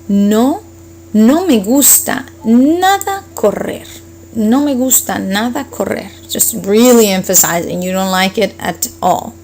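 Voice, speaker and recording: A woman teaching a Spanish lesson, explaining grammar patiently step by step and slowing down for each example phrase. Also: mid-range voice, creaky, a little mellow, low-quality recording.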